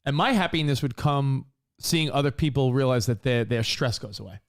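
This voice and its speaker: A man co-hosting a casual talk show, telling stories in an earnest, animated way. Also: mid-range voice, moderate pace. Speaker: co-host. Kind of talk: casual radio-podcast banter.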